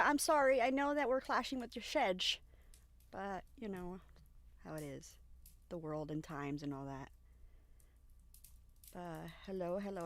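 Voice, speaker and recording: A woman hosting a casual livestream chat, greeting the audience in a friendly way. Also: mid-range voice. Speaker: stream host.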